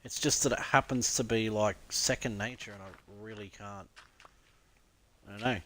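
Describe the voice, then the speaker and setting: A man's voice: lowish voice, fairly even intonation, normal speed, bright, forceful tone, slight background noise. An Australian man chatting casually on a live stream, rambling, laughing often and swearing freely.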